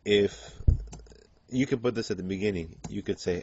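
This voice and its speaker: A man's voice: fairly low pitch, normal speed, darkish tone, slight background noise. A man teaching a Spanish grammar lesson in English, explaining patiently with frequent "okay" and "um". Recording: dull lo-fi lecture recording.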